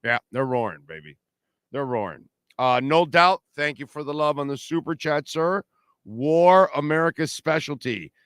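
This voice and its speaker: A brash, trash-talking middle-aged man hosts a postgame sports show. His voice is smooth and resonant, and it sounds close and dry with no room around it. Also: fairly high pitch, expressive, normal speed, fairly bright tone, no room sound. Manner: brash, trash-talking, reads sponsor plugs and super chats. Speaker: sports talk show host. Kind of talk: casual postgame livestream talk.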